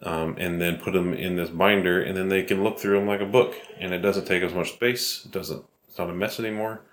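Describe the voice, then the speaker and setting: A young adult man co-hosting a podcast, bickering casually, sarcastic and defensive in quick bursts. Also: deep voice, steady tone. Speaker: podcast co-host. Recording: roomy home recording, faint hiss.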